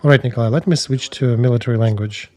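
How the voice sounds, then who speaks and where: A man commenting on the war with a dark, mellow tone. He talks in a measured, analytical way and makes blunt judgments. His pitch sits in the middle range for a man. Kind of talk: analytical discussion.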